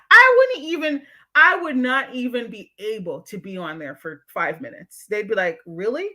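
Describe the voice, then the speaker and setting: Woman therapist doing a live show, bright punchy voice, blunt, swears a lot, talks straight at chat. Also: mid-range voice, normal speed. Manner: blunt, outspoken and profane; lectures viewers directly. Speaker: livestream show host and therapist. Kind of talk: casual livestream commentary, reading chat comments.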